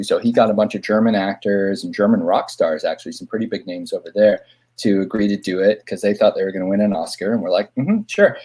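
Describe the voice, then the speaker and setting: A middle-aged man with a husky, slightly breathy voice tells a rambling story in a relaxed podcast conversation. His pitch sits in the middle, and he jumps up in pitch when he acts out the people he quotes. He speaks into a podcast microphone. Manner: animated anecdote teller, acts out quoted voices. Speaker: guest film director.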